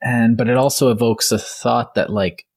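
A man's voice: medium pitch, steady tone, normal speed, a little mellow. A man co-hosting a casual discussion podcast, rambling enthusiastically and often correcting himself. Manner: rambling, self-correcting, enthusiastic about literature. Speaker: podcast co-host.

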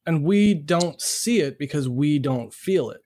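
A Canadian man in casual chat, explaining his point in a measured, reasoning way. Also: a little high, animated, a little mellow.

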